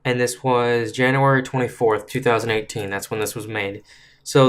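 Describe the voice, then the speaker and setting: A man's voice: medium pitch, flat delivery, smooth. A man giving casual political commentary for a video, sounding frustrated and stumbling now and then as he reads a letter aloud. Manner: frustrated, halting, with restarts while reading.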